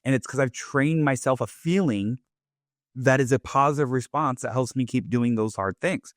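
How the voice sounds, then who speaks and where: A man in a middle register hosts his own podcast in a relaxed, rambling monologue. He keeps dropping "like" and "right?" as he goes. The recording is dry, with no room echo. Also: medium pitch, moderate pace. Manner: loose, chatty, leans on "like" and "right?". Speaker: podcast host. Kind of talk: casual motivational monologue.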